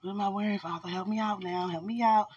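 A woman's voice: medium pitch, fairly even intonation, fast, darkish tone, dull audio, slight background noise. A woman hosting a podcast, chatting casually into her phone while getting dressed at home, playful and teasing, and a little out of breath. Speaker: podcast host.

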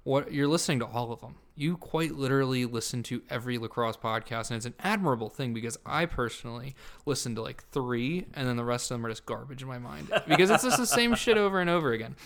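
Young guy hosting a podcast, chill and rambly, laughs a lot, mid pitch. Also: lively intonation, quick pace, hardly any pauses, a bit bright. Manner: laid-back, rambling, laughs often, swears casually. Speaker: podcast host. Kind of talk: casual podcast chat.

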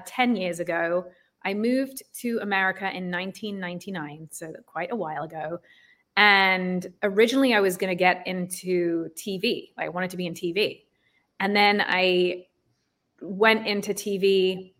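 A woman's voice: medium pitch, fairly bright tone. A woman being interviewed as a podcast guest, talking openly and casually about her work.

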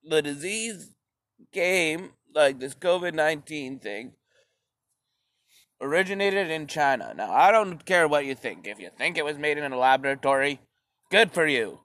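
A man's voice: on the high side, expressive, measured pace, fairly bright tone, no room sound. A man delivering a profane, sarcastic stand-up rant, rambling and swearing often. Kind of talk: profane ranting stand-up monologue.

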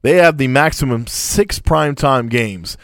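A man's voice: medium pitch, unhurried, a bit bright, no echo, studio quality. A young man hosting a sports podcast, teasing his co-host and stretching out his lead-ins. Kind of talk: casual sports talk.

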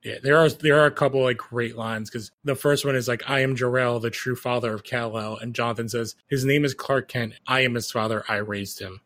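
A man's voice: medium pitch, fairly even intonation, a little fast, few pauses, a bit bright. A man co-hosting a podcast, casually retelling TV episodes in long rambling runs full of fillers. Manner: rambling recap full of "like" fillers, acting out quotes. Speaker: podcast co-host recapping a TV show. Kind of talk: casual chat.

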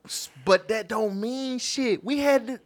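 A man's voice: very high voice, a little slow. A man co-hosting a casual, profane chat, emphatic and laughing often. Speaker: podcast co-host.

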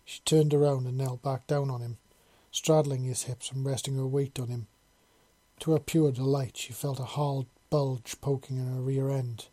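A man narrating a storybook chapter in a calm, unhurried, even way. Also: mid-range voice. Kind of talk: storybook reading.

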